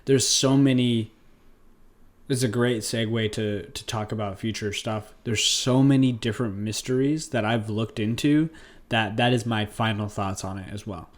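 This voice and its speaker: A man's voice: lowish voice, moderate pace. A young man co-hosting a podcast, chatting casually with a joking, playful manner and lots of fillers. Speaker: podcast co-host. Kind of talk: casual chat.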